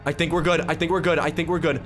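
A young man hosting a gaming video, chatting with friends and yelling in excited panic. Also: a little high, racing. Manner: animated, yelling and laughing in panic. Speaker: gaming channel host. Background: game music.

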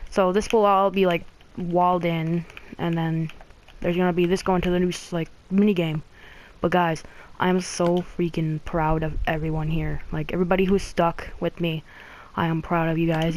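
A gaming channel host in a casual thank-you video to subscribers, gushing and filling every pause with "like" and "oh my god". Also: medium pitch, a little hiss or hum, low-quality recording. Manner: gushing, filler-heavy, repeats "like" and "oh my god".

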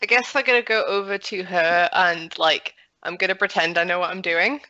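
A woman at a tabletop role-play session, rambling and restarting sentences as she bluffs in character. Her voice is bright and forward. The recording is dull and lo-fi with dry sound. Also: on the low side, fairly even intonation, moderate pace, no room sound. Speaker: player.

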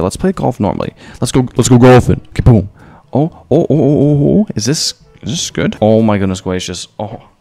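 A man giving excitable, jokey gameplay commentary as a gaming YouTuber, throwing in mock-Spanish phrases. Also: fairly low pitch.

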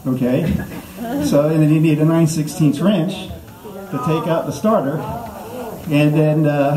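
A man's voice: fairly high pitch, warm tone. A man giving a jokey mock language lesson, rambling and restarting himself with constant okays. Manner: rambling, self-interrupting, lots of okays. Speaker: comedic language teacher. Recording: echoey room, distant mic.

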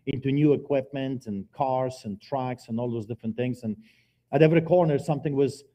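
Man, testimony sermon, church, dark mellow tone, dramatic emphatic storytelling. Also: medium pitch, brisk. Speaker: guest preacher giving testimony.

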